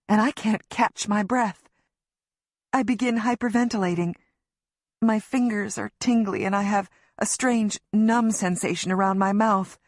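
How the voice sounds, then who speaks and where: A woman narrating a tense first-person audiobook in a measured, storytelling manner. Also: mid-range voice, no room sound, studio quality.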